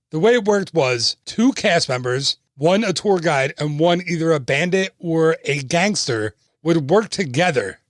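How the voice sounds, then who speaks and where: A man's voice: on the high side, no room sound, studio quality. A man hosting a podcast, telling stories in a chatty way and laughing at himself. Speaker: podcast host. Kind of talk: casual storytelling narration.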